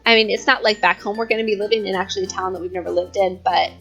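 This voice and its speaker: Young woman host, chatty and rambling, slightly breathless, mid pitch, soft music behind. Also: steady tone, very fast, muffled recording. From California. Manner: chatty and rambling, with fillers and giggles. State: a bit out of breath. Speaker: YouTube host. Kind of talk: casual chat over gameplay.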